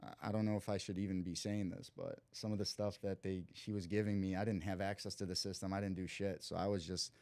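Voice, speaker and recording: Low-voiced young man telling a story. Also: quick pace, few pauses, dry recording. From Cleveland, USA. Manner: lively storyteller who acts out quoted dialogue; loose slang and frequent "like" fillers. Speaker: podcast guest. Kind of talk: casual storytelling.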